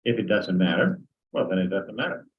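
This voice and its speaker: A man's voice: deep voice, animated, a little fast. An older man training teachers in a conversational lecture, sometimes acting out sample dialogues. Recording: dull lo-fi recording.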